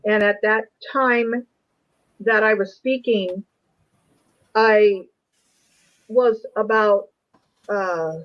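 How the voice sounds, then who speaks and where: A woman's voice: medium pitch, dull audio. A woman guest, an investigator, earnestly telling a personal story on an interview show. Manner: earnest, emotional recounting.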